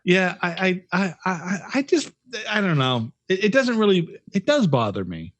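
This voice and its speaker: A man co-hosting a podcast who talks bluntly and swears a lot, stumbling over his words as he restarts sentences. His voice sits a bit high and swings widely in pitch. It sounds dry and close, with little room around it. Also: very animated, normal speed, dry recording. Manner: blunt, profane, stammering restarts. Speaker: podcast co-host. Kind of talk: casual chat.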